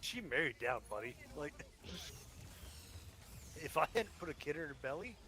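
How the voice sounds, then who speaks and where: A man's voice: fairly high pitch, big pitch swings, moderate pace, background noise. A man in his thirties co-hosting a casual gaming chat, joking, swearing and poking fun at himself. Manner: joking, swearing, self-mocking. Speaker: podcast co-host.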